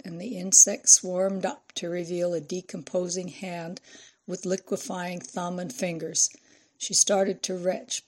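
Low-voiced woman narrating a novel. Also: darkish tone. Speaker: audiobook narrator. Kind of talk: scripted narration.

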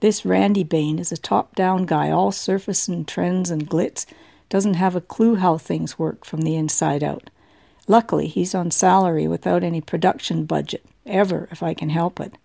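Casting: woman reading a tired, earnest man, gravelly and mellow. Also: fairly low pitch, fairly even intonation, moderate pace. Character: tired overworked middle-aged man, earnest.

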